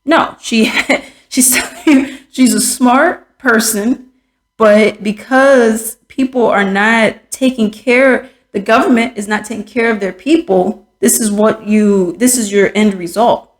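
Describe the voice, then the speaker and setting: A woman's voice: a little high, slow. A woman hosting a podcast, speaking frankly and with exasperation in casual commentary, with many fillers and restarts. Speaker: podcast host. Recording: echoey room.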